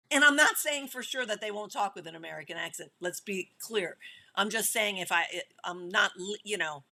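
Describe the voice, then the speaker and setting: Gravelly and medium-pitched, a middle-aged woman who directs films chats at a normal pace in a casual interview. Her delivery is animated, with lots of laughing and restarted sentences.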